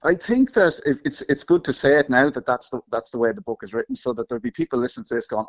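A man's voice: medium pitch, very animated, no room sound, muffled recording. A man, a guest on a radio book club, rambling casually with lots of "like" and "sort of". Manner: rapid, rambling, lots of fillers.

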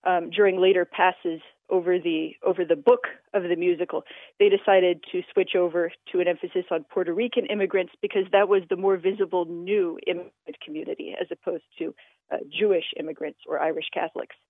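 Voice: medium pitch, steady tone, brisk, no room sound. Guest explaining on a tinny phone line. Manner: explanatory, many filler sounds. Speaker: interview guest, author. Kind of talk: radio interview explaining language history. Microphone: telephone.

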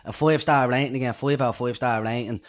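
An Irish man co-hosting a podcast, telling stories in a casual chat that get animated and loud when he is excited. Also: medium pitch, quick pace. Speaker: podcast co-host.

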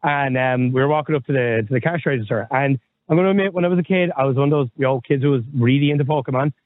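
Rapid-fire and mid-range, this podcast co-host in his thirties keeps the casual chat rambling and candid, cursing casually along the way. His voice comes through a tinny line that sounds like a phone.

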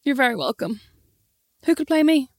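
A woman's voice: high voice, sing-song, no echo, studio quality. Woman telling a cheeky story. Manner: storytelling, mock-scolding, quick laughter. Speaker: podcast co-host. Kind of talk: casual sisterly chat.

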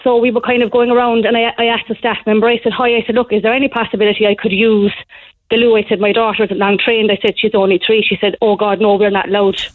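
A woman's voice: mid-range voice, dry recording. Woman telling a story down a phone line. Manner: animated storyteller, fast and breathless. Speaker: caller. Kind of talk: phone-in call to a radio show.

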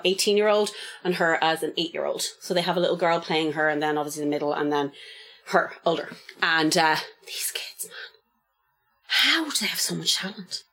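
Chatty, swearing woman podcaster. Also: fairly low pitch. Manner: chatty, swears freely, animated storytelling. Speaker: podcast co-host. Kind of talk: casual chat.

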